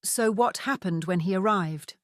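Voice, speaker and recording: A woman voicing a calm Irish detective. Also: medium pitch, moderate pace, no echo, studio quality, close to an everyday voice. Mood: probing. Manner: calm, probing questions. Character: charming Irish male police detective.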